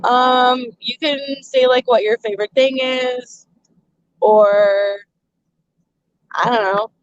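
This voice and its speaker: Woman, live stream host, casual chat, laughs at herself, a bit high voice, muffled lo-fi sound. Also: fairly even intonation, slow, no room sound. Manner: chatty, laughs often, self-deprecating.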